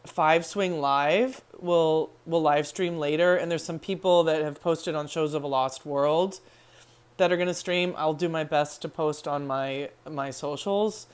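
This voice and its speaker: A woman's voice: low-pitched, clear, resonant tone. A woman hosting a fan live stream, chatting casually and getting emotional as she talks. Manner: chatty, emotional, laughs easily. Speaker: fan channel host.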